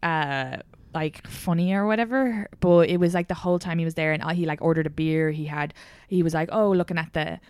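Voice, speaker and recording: A woman's voice: deep voice, fairly quick, clear, resonant tone, dry recording. Irish woman telling a blunt story. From Ireland. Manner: candid, swearing, animated storytelling. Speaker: podcast host. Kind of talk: casual chat.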